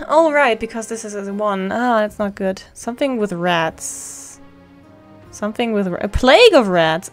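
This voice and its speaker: A woman's voice: mid-range voice, sing-song, measured pace. Chatty woman streaming a game. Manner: chatty, reads card text aloud, laughs often. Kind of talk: casual game commentary reading dialogue aloud. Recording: faint music behind.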